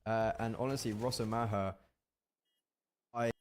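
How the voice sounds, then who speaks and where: A man casting a live competitive shooter match as play-by-play commentator, animated and rising in bursts at big plays. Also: lowish voice, unhurried, slight background noise. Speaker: esports caster.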